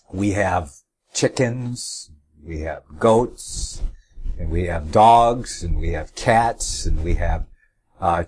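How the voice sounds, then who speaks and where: A man's voice: sits low, a little mellow, a little hiss or hum. A middle-aged man hosting a religious talk radio show, rambling with many filler uhs and leaning hard on key words as he reads scripture aloud.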